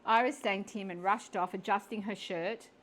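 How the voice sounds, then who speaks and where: A woman's voice: mid-range voice, fairly even intonation, moderate pace, a bit bright, a little hiss or hum. A woman reading her own story aloud, adding chuckling personal asides between passages.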